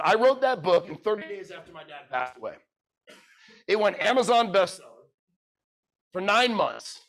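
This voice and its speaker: A man giving a motivational talk to a live audience. He speaks bluntly, swears freely, quizzes the crowd, and swings from loud urging to quiet, emotional storytelling. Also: sits high. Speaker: keynote speaker.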